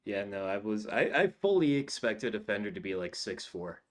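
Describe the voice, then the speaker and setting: A man hosting a comedy show, reading audience jokes aloud with dry, deadpan asides. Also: on the low side, normal speed. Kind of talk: casual chat.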